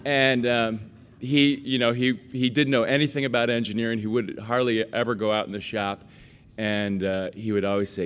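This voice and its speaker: A man's voice: on the low side, level tone, brisk, clear, resonant tone. Man telling stories in an acceptance speech. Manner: storytelling, self-deprecating, with fillers and voiced quotes. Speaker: award recipient giving acceptance speech. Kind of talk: casual anecdotal acceptance speech.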